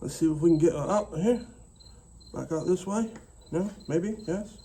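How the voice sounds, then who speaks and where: A man's voice: high voice, moderate pace, mellow, slightly rough. A man with a mixed English accent chatting casually and muttering to himself while he builds something by hand. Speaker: DIY maker. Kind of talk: casual workshop narration.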